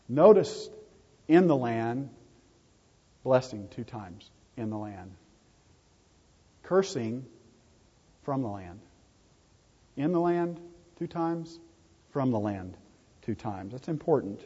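A man preaching a sermon in a husky, mellow voice, hammering home his points by repeating words. The sound is dull and lo-fi, with a long reverb trailing off the walls of a hall. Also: mid-range voice, big pitch swings, slow, pauses often. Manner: emphatic, repeats key words for stress.

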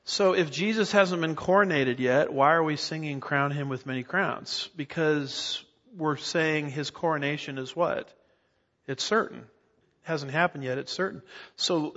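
A man's voice: fairly high pitch, normal speed, a bit bright, in a large hall, muffled recording. A middle-aged man preaching an expository sermon, emphatic and often asking his listeners rhetorical questions. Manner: emphatic teacher, asks the congregation rhetorical questions. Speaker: pastor.

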